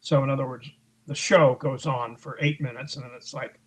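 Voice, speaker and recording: Husky-voiced man telling a story. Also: mid-range voice, fairly even intonation, normal speed, fairly bright tone, low-quality recording. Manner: recounts events at length, acting out others' lines in raised voices; frequent fillers and restarts, conversational. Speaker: interview guest, author. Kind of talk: casual storytelling interview.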